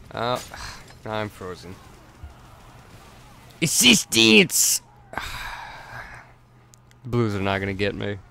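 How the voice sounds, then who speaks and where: A man's voice: lowish voice, smooth. A man giving casual let's play commentary, rambling with stammered restarts and chuckles.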